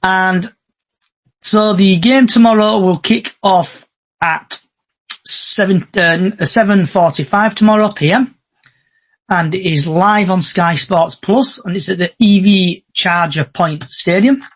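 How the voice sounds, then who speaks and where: A man hosting a relaxed football podcast, talking in a voice a bit higher than most men's. He chats casually and reels off match statistics in quick bursts. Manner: reads out match stats in bursts. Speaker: podcast host.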